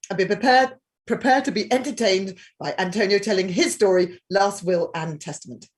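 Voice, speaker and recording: A woman hosting an interview, expressive and laughing often. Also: medium pitch, moderate pace. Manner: giggly, expressive. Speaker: host. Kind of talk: casual interview chat.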